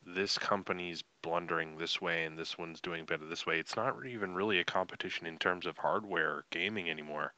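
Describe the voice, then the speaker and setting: Deep bright-voiced wry man. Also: fairly even intonation, fairly quick, hardly any pauses, dry recording. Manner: wry, joking, swears offhand. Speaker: podcast co-host. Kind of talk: casual chat.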